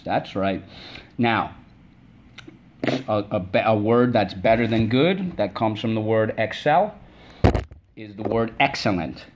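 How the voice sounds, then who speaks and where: Slow, low-voiced male spelling teacher. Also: lo-fi sound, slight background noise. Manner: slow, patient, drawn-out syllables. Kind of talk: spelling lesson for children.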